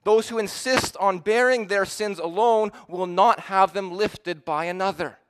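A man preaching a sermon, earnest and emphatic, slowing down to stress the verses he quotes. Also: sits high, a bit bright, clear, resonant tone.

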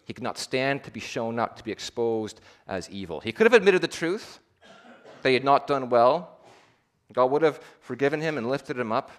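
A male preacher delivering a sermon with strong swings in volume and intensity. He builds to loud, impassioned climaxes, then drops to near-hushed endings, and sometimes slows right down to stress a point. His voice sits at an ordinary middle pitch for a man. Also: expressive. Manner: dynamic delivery, swings between loud emphatic peaks and low hushed endings; slows to a deliberate, repeated emphasis.

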